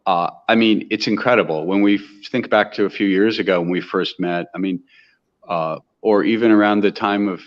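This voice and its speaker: A man's voice: lowish voice, steady tone, normal speed, muffled recording. An American man talking earnestly in an interview, often restarting his sentences as he builds his point. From United States. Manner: earnest, impassioned, with frequent restarts. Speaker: interview guest. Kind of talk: conversational interview.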